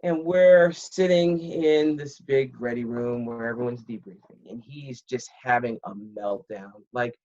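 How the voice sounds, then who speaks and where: With a rumbling low voice, she speaks unhurriedly and barely pauses. She's a retired military pilot in her fifties, bluntly and candidly recounting a tale for a podcast interview and voicing the quoted lines with animation. The audio is a little muffled and dull.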